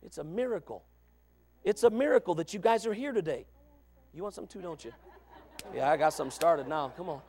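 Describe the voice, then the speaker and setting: A man preaching a sermon as pastor, folksy and repetitive, swinging from quiet talk to fervent shouting. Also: fairly high pitch, lively intonation, a little fast, long pauses. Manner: folksy, repeats phrases.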